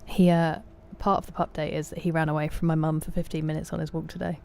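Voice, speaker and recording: A woman's voice: low voice, little pitch movement, fast talker, creaky, warm tone, a little hiss or hum. Chatty British woman streaming a game. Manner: chatty, answering viewers by name. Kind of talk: casual live-stream chat.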